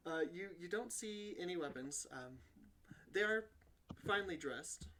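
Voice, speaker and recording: A man narrating as game master in a tabletop role-playing game, describing scenes with relaxed fillers. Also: high-pitched, measured pace, slight background noise, low-quality recording.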